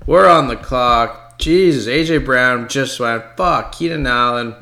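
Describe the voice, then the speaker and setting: A man calls his own fantasy football draft in a loose, excitable way, chatting to viewers between picks. His voice has a gravelly rasp at a middle pitch, and he swears when a pick slips away. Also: slow pace, hardly any pauses. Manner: excitable, talks to viewers as folks, swears under pressure. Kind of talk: casual live draft commentary.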